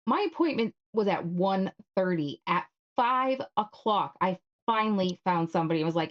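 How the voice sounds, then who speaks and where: A woman's voice: medium pitch, moderate pace, few pauses, muffled recording. A woman co-hosting a live stream in casual chat, talking frankly and swearing freely when she is worked up. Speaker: co-host.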